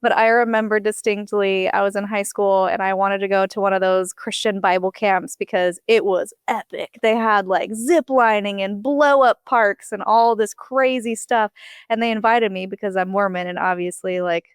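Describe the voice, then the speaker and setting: A young woman hosting a casual interview, telling stories in an animated, joking way. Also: mid-range voice, moderate pace, smooth, dry recording, studio quality. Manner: animated, jokey storytelling. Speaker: podcast host.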